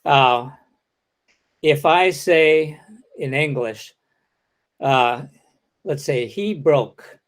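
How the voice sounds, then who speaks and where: Give me a man lecturing at a slow, measured pace, explaining each point step by step. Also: on the high side. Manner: explains step by step, acts out example sentences. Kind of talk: academic lecture.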